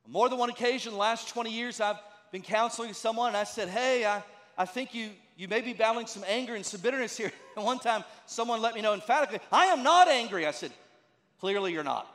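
High-voiced pastor preaching in a reverberant hall. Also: male voice, fast talker, a bit bright. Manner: conversational, emphatic, rhetorical questions. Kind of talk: sermon. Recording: long reverb of a large hall.

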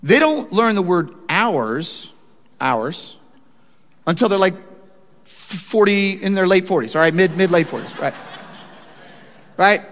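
A man preaches a sermon in a high, bright-toned voice that leaps up and down as he tells a story. His emphasis keeps building, and the long reverb of a big hall trails behind every phrase. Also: slow pace, pauses often. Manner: animated storytelling with rising emphasis. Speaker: pastor.

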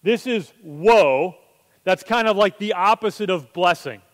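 Male pastor, high voice, chatty sermon delivery with plenty of rhetorical questions, long church reverb. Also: a little slow. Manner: conversational, asks rhetorical questions.

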